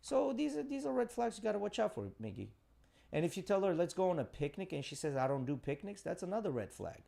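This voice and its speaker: A man's voice: sits high, sing-song, fast talker, creaky, dark tone. Blunt, emphatic man on a podcast. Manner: blunt, emphatic, swears often. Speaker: podcast co-host. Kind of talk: casual chat.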